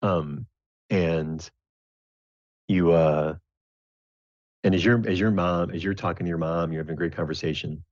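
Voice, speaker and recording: Male game master, deep, halting narration; dull, dry recording. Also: steady tone, darkish tone, no room sound. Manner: rambling, halting, many fillers.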